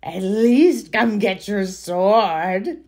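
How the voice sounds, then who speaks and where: A woman voicing a huge, sly troll that coaxes children closer in a slow, half-whispered voice while reading a children's novel aloud. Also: medium pitch, expressive, a little mellow, pitched above the performer's own voice. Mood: coaxing.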